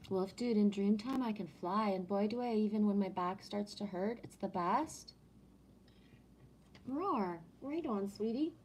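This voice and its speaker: A woman's voice: mid-range voice, a little slow, a little hiss or hum. Chatty woman with a French accent. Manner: relaxed, chatty, greets viewers by name. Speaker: live streamer. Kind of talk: casual live-stream chat and oracle card reading.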